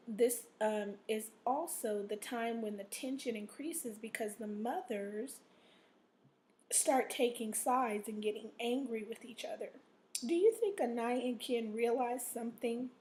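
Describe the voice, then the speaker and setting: High-voiced teacher woman checking "okay?". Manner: patient, repeats "okay?" to check in; models expressive reading aloud. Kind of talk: recorded reading lesson for children.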